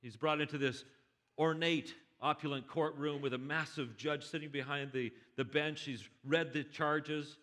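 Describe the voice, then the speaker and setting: A pastor tells a story from the pulpit with lively energy. His voice is bright and sits a little high. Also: moderate pace. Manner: animated, acts out dialogue, stammered restarts. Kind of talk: sermon storytelling. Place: church.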